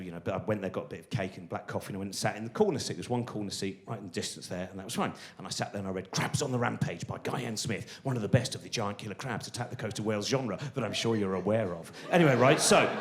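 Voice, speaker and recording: A man in his forties telling a rambling, self-deprecating stand-up story full of restarts and asides. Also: lowish voice. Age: 40s. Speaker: stand-up comedian.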